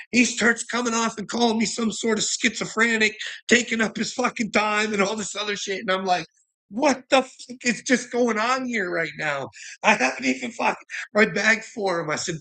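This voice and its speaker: A man's voice: on the high side, bright, forceful tone. A man giving a rambling livestream monologue, swearing constantly, laughing often and speaking emphatically.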